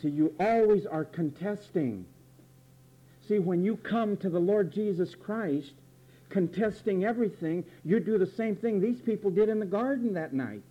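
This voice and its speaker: A man's voice: high voice, animated, normal speed. Emphatic preacher man on lo-fi tape. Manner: emphatic and repetitive, drilling word meanings with rhetorical questions. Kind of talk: sermon. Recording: dull lo-fi recording.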